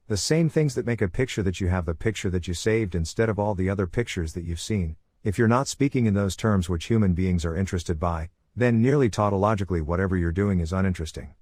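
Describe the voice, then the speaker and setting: Male audiobook narrator, lower register, forceful and commanding read, dead-dry booth sound. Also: no room sound. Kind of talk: audiobook reading of his own self-help text.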